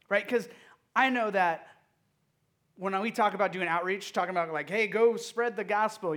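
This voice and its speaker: A youth pastor with a fairly high voice, a young adult or middle-aged father of a toddler, preaches to young people at a normal speed. He engages them by asking direct questions and swings between punchy, loud emphasis and soft, hushed moments.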